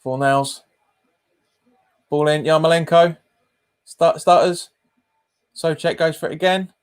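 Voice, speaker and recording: A man's voice: a little high, steady tone, slow, clear, resonant tone. Chatty man doing live match commentary. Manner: casual, chatty, trails off mid-sentence and repeats himself. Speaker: football watch-along streamer.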